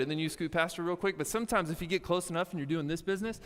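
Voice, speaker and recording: A young man giving a youth camp sermon, telling stories with playful asides and lively energy. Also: high voice, racing, few pauses, clear, resonant tone, big-room sound. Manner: animated storytelling with playful asides. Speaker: youth pastor. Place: large hall with a live audience.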